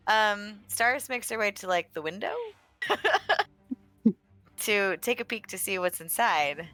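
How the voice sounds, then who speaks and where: A woman playing in a tabletop game, lively and giggly as she talks. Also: mid-range voice, measured pace, no echo. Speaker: player. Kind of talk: casual tabletop play. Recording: faint music behind.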